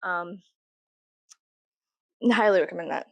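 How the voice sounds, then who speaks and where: A woman's voice: lowish voice, slow pace, creaky, no echo. A young woman from Texas rambling casually and profanely to camera as a vlogger, jokey and chatty.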